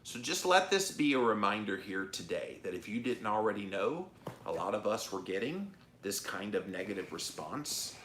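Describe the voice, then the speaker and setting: A middle-aged man hosts a casual live stream in an animated, emphatic way. His voice sits low but sounds bright and forceful. The room around him is echoey. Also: normal speed, slight background noise. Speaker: host of a live-stream show. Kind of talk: casual livestream chat reading comments.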